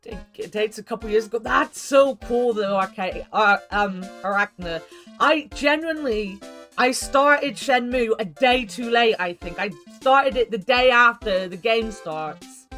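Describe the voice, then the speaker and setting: A woman's voice: on the high side, unhurried, a bit bright. A woman streamer chatting casually and rambling animatedly while playing a game. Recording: game music underneath.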